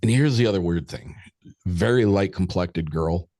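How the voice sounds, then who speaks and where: A man with a very deep, low voice, recorded close and dry with no room sound. He is a podcast guest telling a story in a loose, candid way. He swears freely and slips into quoted conversations. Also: normal speed, warm tone, no echo. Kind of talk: casual spoken storytelling.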